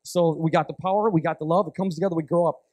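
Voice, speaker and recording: A middle-aged man from the United States preaching a sermon, telling a story in an animated, rambling way that often breaks off and restarts. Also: fairly high pitch, very fast, no echo. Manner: animated, rambling, self-interrupting. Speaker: guest preacher.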